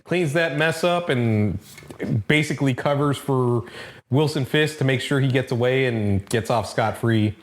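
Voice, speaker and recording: A man's voice: medium pitch, measured pace. Guy cracking crude jokes on a comic podcast, some faint hiss. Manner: joking, laughs often, crude banter. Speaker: podcast co-host. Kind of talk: casual comic book review chat.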